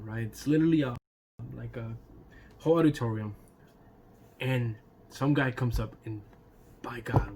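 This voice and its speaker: A YouTube storyteller tells a loose, chatty storytime vlog, laughing between lines, swearing now and then, and tossing in "you know" and "right?". His medium-pitched voice has a darkish tone, with a little hiss or hum in the recording.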